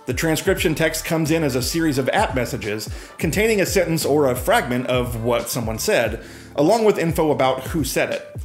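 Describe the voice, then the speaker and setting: A man presenting a software demo in breezy, upbeat scripted narration that explains things clearly. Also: a little high, expressive, normal speed, soft background music.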